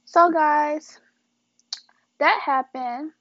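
A woman's voice: high-pitched, drawn-out words, slight background noise. A young woman podcast host, telling a story casually and animatedly, acting out texts and swearing freely. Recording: dry, dull lo-fi audio.

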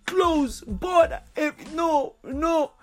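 A woman voicing a stubborn, dying old male dictator who barks clipped, broken English phrases and shouts and wails. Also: sits high, expressive, drawn-out words, pitched above the performer's own voice, full character voice.

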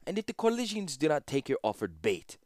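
A man's voice: a little high, wildly swooping pitch, a little fast, darkish tone, dry recording, clean studio sound, pitched above the performer's own voice. A man voicing an old, skeptical war chief. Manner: politely questioning.

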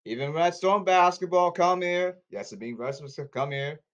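Casting: man, slightly high voice, insistent and repetitive, restarts mid-sentence. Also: fairly quick, fairly bright tone, muffled recording. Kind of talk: rambling address to camera.

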